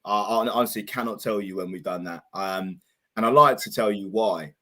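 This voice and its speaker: A man's voice: on the low side, normal speed, bright, forceful tone. A young man, co-hosting a football chat show, teasing his partner and calling him mate. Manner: teasing, says "mate" often. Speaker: co-host. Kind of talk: casual banter chat.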